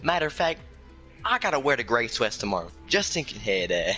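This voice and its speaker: Young man telling a bright, animated story. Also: a little fast, soft background music. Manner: animated, profane slang, jumps to high squeals when quoting himself. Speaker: storyteller guest. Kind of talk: casual story time.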